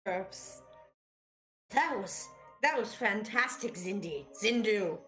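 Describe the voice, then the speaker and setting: A woman's voice: mid-range voice, animated, slow pace, a bit bright, faint music behind. A woman playing a tabletop game, enthusiastic and supportive of the others. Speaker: player. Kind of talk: casual tabletop play.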